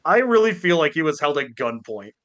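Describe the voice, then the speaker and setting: A man co-hosting a casual podcast over a voice call, ranting and swearing heavily with animated mock voices. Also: on the high side, a little fast. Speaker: podcast co-host. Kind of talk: casual chat. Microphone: Discord call.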